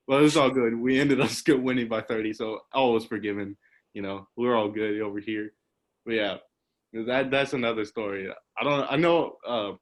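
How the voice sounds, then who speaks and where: Rambling young male podcast host. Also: on the low side. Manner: rambling storyteller, laughs often, says "like" a lot. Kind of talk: casual chat. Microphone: video call.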